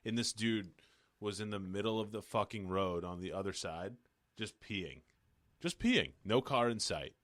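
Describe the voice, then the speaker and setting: A young man co-hosting a podcast, chatting casually and a bit haltingly. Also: on the low side, expressive, fairly bright tone, no echo. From Massachusetts, USA. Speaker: podcast co-host. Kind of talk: casual chat.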